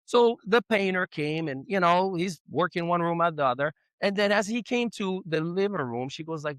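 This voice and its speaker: A man's voice: sits high, moderate pace, no echo. A middle-aged man giving a motivational relationship talk to a live audience, telling stories and acting out the quotes. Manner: animated storyteller, acts out quotes. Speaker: relationship speaker.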